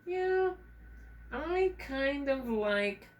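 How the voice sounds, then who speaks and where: A man voicing a polite little male red squirrel puppet that talks slowly and sweetly. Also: very high-pitched, expressive, lo-fi sound, voice pushed up, heavily acted. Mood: shy.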